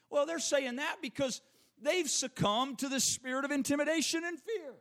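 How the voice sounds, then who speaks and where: A man preaching a sermon, animated and conversational, who repeats his key phrases and makes quick asides to the congregation. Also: very high-pitched. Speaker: pastor.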